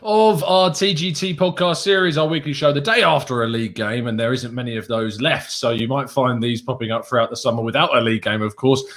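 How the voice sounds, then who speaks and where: A man's voice: medium pitch, a little fast, few pauses, a bit bright. A man with an English accent hosting a casual football podcast, upbeat and chatty, laughing often. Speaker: podcast host.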